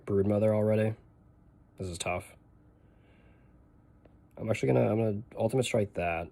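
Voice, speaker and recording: A young man with a Boston accent talks his way through a game stream in loose, rambling chat, stopping to answer questions from his viewers. His voice sits on the low side and sounds mellow and relaxed. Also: normal speed, gravelly. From northeastern United States. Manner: chatty, rambling, answers chat while playing. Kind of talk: casual gameplay stream chat.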